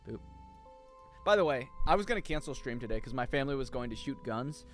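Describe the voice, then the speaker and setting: A man's voice: medium pitch, animated, fairly quick, fairly bright tone, faint music behind. A young man, chatting casually on a gaming stream, joking, swearing freely and rambling. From United States.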